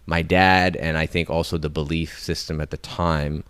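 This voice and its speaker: Podcast co-host, man; very low, smooth voice, dry close mic, measured and often laughing. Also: flat delivery, a bit bright, dry recording. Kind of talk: casual chat.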